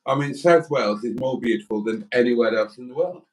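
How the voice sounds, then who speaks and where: A man's voice: medium pitch, fast. A man co-hosting a casual live stream, enthusiastic and a little mock-grand when he talks things up. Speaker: livestream co-host. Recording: voice distant from the mic.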